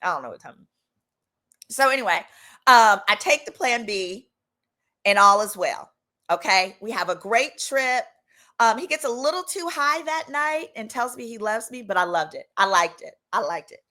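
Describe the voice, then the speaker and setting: Woman, 30s, from Texas, storytime host; bright, slightly high voice, chatty and animated. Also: moderate pace. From Texas, United States. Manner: animated, chatty, acts out the people she quotes. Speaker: lawyer and channel host. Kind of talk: casual storytime monologue.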